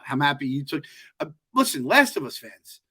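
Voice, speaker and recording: Animated, joking man on a podcast. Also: a little high, moderate pace, husky. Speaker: podcast co-host. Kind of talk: casual chat.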